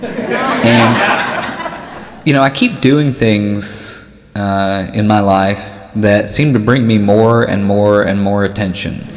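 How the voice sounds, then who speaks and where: A man's voice: fairly low pitch, expressive, slow. A man doing a rambling, self-mocking stand-up comedy set, often laughing at his own jokes. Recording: live hall echo with loud noise.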